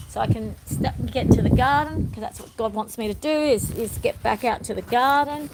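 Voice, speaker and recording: A woman's voice: a little high, fairly quick, hardly any pauses, very noisy. A woman talking candidly in a rambling, emotional personal vlog, filmed at home on a phone. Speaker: vlogger.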